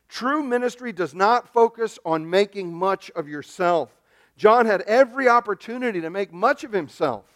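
A man preaching a sermon as pastor, emphatic, often repeating words as he stresses a point. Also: sits high.

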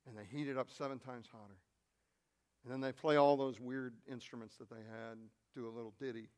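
A male pastor preaching a sermon, telling a story and swinging from quiet, intimate asides to loud, shouted peaks. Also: mid-range voice, quick pace.

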